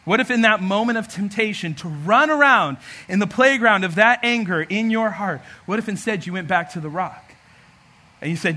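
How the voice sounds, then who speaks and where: A man preaching a sermon as pastor, animated and humorous, acting out everyday scenes. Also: high voice, normal speed.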